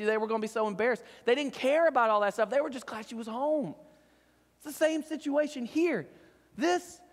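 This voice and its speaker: A man's voice: extremely high pitch, long reverb tail. A man preaching a sermon as pastor, earnest and often checking in with "right?". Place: church sanctuary.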